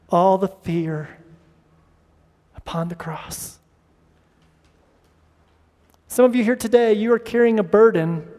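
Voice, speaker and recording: This man's voice is high-pitched and a little mellow as he preaches an impassioned sermon to his church. The pastor occasionally acts out people pleading in prayer, and the recording has the reverb of a large hall.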